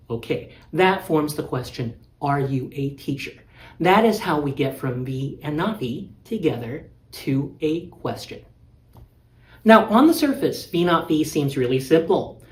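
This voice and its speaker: Man lecturing patiently in an echoey room. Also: a little high. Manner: patient, methodical, stresses key words. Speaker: language teacher. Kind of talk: explanatory lecture.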